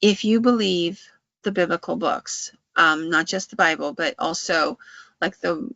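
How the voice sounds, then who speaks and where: A podcast host casually retelling a folk tale, with frequent restarts and halting phrasing. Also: medium pitch, creaky, pushed and bright, dry recording, muffled recording.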